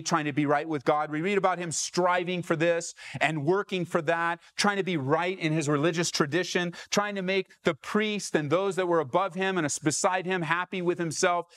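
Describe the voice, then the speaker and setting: A man's voice: fairly high pitch, no room sound. Emphatic male pastor preaching. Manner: emphatic, rhetorical questions to listeners. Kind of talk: sermon.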